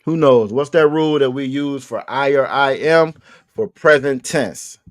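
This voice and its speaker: A man leads a language lesson over a video call. He speaks at an ordinary middle pitch and keeps repeating his questions patiently, with easygoing jokes for the class. The sound is dry and close, with no room around it. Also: a little slow, no echo. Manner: patient, repeats questions, casual joking with students. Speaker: language teacher. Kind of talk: online class teaching vocabulary.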